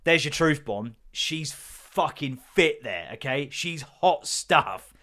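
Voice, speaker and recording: Sweary podcast host, jokey. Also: male voice, a little high, lively intonation, takes it slowly, pushed and bright. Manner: sweary, jokey storytelling with mock voices. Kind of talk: casual solo podcast chat.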